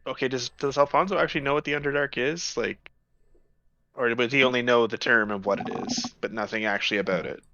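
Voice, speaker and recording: Bright-voiced man playing a tabletop game. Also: medium pitch, a little fast, dull audio, a little hiss or hum. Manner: questioning, bursts into forceful in-character threats. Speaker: player.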